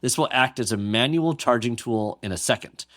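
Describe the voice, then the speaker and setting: A man co-hosting a podcast, narrating history in a casual tone with joking asides. His voice sits at an ordinary middle pitch. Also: normal speed, fairly bright tone. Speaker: podcast co-host.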